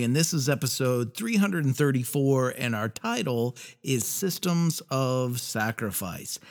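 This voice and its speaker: A man hosting a faith podcast, talking earnestly and reading scripture passages aloud with pauses. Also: medium pitch. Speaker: podcast host. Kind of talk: reflective faith podcast talk.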